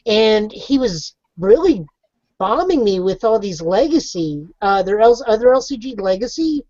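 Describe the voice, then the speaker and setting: A woman's voice: medium pitch, sing-song, measured pace, mellow, no room sound. Blunt woman, dry lo-fi audio. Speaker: podcast co-host. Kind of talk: casual chat. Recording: dry muffled lo-fi podcast audio.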